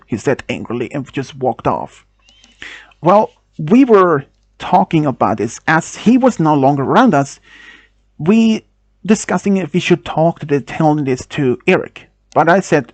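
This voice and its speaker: A man whose first language is Swedish tells a first-person story, halting with restarts and non-native phrasing. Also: fairly high pitch, expressive, no echo.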